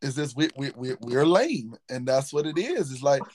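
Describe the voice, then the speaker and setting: A man's voice: mid-range voice, big pitch swings, moderate pace, darkish tone. A man hosting a casual podcast chat, talking emphatically and hammering his points by repeating words. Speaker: podcast host; football coach.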